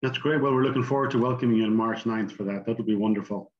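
A man's voice: lowish voice, fast talker, highs cut off. A man who directs an arts center, speaking as an interview guest in a friendly, promotional way.

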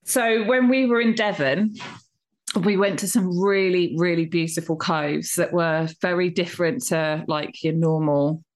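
A woman's voice: lowish voice, a little slow. Swearing, laughing woman. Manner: swears freely, laughs often, animated storytelling. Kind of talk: casual chat.

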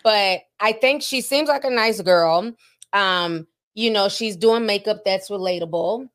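A woman's voice: mid-range voice, a bit bright. Chatty woman podcast co-host. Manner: chatty, drawn-out filler-heavy talk. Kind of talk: casual chat with read sponsor spot.

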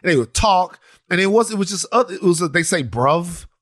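A man co-hosting a podcast, telling stories in a loose, animated way with many restarts. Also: high-pitched, quick pace, no room sound, studio quality. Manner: animated storytelling, lots of restarts and "you know". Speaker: podcast co-host. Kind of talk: casual chat.

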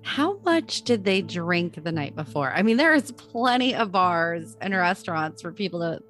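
A woman with a slightly low voice chats easily as a podcast co-host. She muses aloud, hedges her views and laughs readily, with faint music underneath. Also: sing-song, normal speed, a bit bright. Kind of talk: casual chat.

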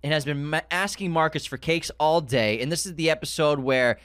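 A man co-hosting a casual podcast chat about a TV series. He talks in a fairly high voice, animated, and swears freely. The sound is close and dry with no room. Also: fairly quick, clean tone, dry recording. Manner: animated, swears, acts out scenes in a raised voice. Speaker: podcast co-host.

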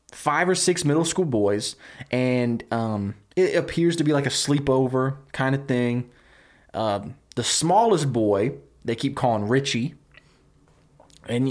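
A man co-hosting a podcast, casually pitching a movie idea, rambling with many fillers and laughing easily. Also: expressive, unhurried. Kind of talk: casual chat.

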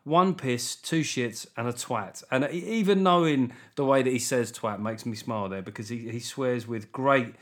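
A middle-aged man with a Southern English accent hosts his own comedy podcast alone. His voice sits at an ordinary middle pitch. He riffs loosely and swears freely, with quick asides. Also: a bit bright. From England. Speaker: podcast host. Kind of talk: solo comedy podcast chat.

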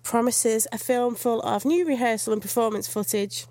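A woman's voice: a little high, fairly even intonation, normal speed, darkish tone. A woman co-hosting a radio show, chatting casually with a teasing manner. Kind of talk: casual chat.

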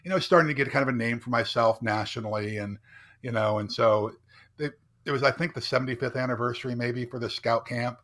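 Bright-voiced middle-aged man telling a story. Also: medium pitch, a little fast. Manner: earnest, emphatic, often asks "right?" to check in. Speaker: podcast guest, entrepreneur and speaker. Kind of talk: personal storytelling in conversation.

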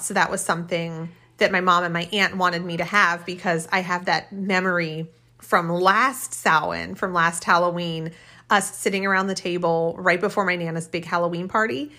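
A woman's voice: lowish voice, bright, forceful tone. A woman hosting a podcast, telling a personal story in a heartfelt, rambling way and often laughing as she talks. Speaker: podcast host. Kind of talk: casual personal storytelling monologue.

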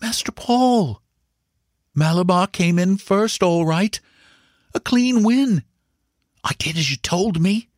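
A man reading a story aloud and voicing a sly little gardener who speaks in a hushed, eager, confiding way. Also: sits high, lively intonation, takes it slowly, pauses often, no room sound, clean studio sound, pitched above the performer's own voice.

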